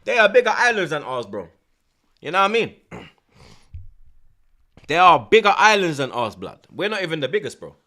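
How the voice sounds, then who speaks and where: A man with a Jamaican accent hosting a stream, ranting loudly and teasingly in slang and patois. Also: on the high side, sing-song, moderate pace, pauses often. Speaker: host. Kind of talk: heated livestream rant.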